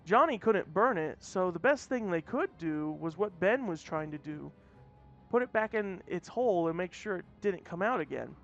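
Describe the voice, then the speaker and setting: High-voiced man reading a story. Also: animated, normal speed, creaky, a bit bright. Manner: plain reading with frequent restarts. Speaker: story reader. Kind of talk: casual read-aloud narration. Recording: dull lo-fi audio, faint music.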